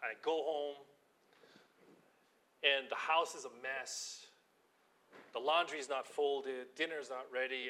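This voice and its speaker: A pastor, a man, preaching a storytelling sermon, acting out scenes and dropping to a hushed prayerful voice. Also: medium pitch, unhurried, pauses often, slight background noise. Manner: animated storytelling, acting out quotes, drops to quiet prayerful tones.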